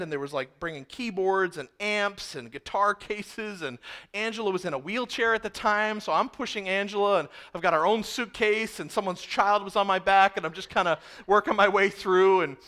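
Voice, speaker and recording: A man preaching a sermon through a lively personal story. His voice sits a little high and rings bright and forceful. He talks animatedly and often picks up speed as he tells it. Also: brisk. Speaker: pastor.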